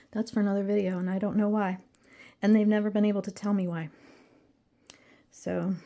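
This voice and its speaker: A woman's voice: medium pitch, dark tone. Chatty, rambling woman vlogger. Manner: rambling, chatty and emotional, drifting between topics. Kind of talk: casual chat to camera.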